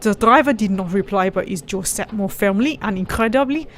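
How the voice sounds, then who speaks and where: A woman's voice: mid-range voice, a little fast, a bit bright, slight background noise. A woman hosting a let's play who chats casually, reads the game text aloud with playful emphasis and giggles often. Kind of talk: casual gameplay chat and reading aloud.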